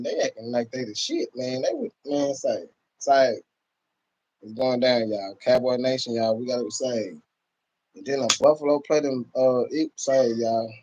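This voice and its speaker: A man with a Texas accent rants on his live stream, boasting and trash-talking with frequent laughter. His voice sits at a middle pitch. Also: expressive, moderate pace, darkish tone, muffled recording, a little hiss or hum. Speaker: channel host. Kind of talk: excited live-stream rant.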